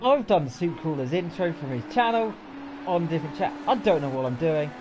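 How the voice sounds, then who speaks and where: A man's voice: on the high side, expressive, moderate pace, darkish tone. A man giving jokey, rambling, self-mocking commentary on an online racing league. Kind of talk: playful sim racing commentary. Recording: noisy with car sounds behind.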